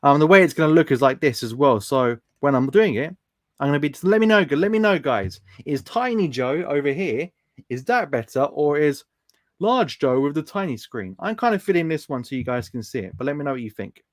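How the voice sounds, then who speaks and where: A man's voice: a little high, expressive, a little fast, dry recording, clean studio sound. Chatty man on a live stream. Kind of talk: casual live-stream chat, reading out viewer comments.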